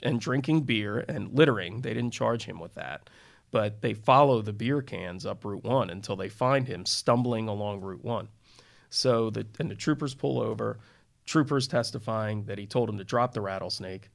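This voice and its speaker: A man's voice: on the low side, moderate pace, gravelly. A middle-aged man, a criminal defense attorney co-hosting a podcast, telling a courtroom anecdote in a wry, self-deprecating way. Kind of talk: casual storytelling chat.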